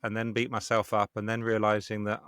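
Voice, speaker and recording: A man hosting a podcast, talking earnestly and reflectively with halting restarts. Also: on the low side, monotone, a bit bright, clear, resonant tone, dry recording, studio quality. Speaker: podcast host.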